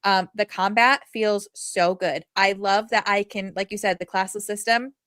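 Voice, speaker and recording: A woman's voice: mid-range voice, moderate pace, dry recording. Chatty woman podcast co-host, dry sound. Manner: animated, rambling with many fillers. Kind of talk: casual chat.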